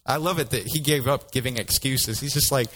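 A man preaching a sermon as pastor, lively and joking, acting out voices of biblical figures. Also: medium pitch, fairly quick, rough recording.

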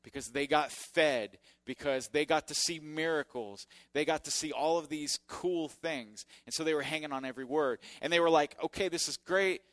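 A man preaching a sermon as pastor, swinging between loud emphatic points and quiet asides. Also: a little high, moderate pace, hardly any pauses, no echo.

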